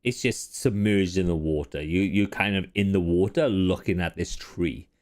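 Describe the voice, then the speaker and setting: A man's voice: low-pitched, normal speed, a little mellow. A man running a tabletop game as game master, narrating scenes in a laid-back way.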